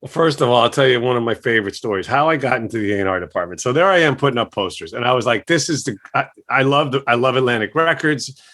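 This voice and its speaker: Bright-voiced man telling a wild story. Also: medium pitch, fast talker, no room sound. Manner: animated, profane storyteller acting out quotes. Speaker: record executive guest. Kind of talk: casual storytelling interview.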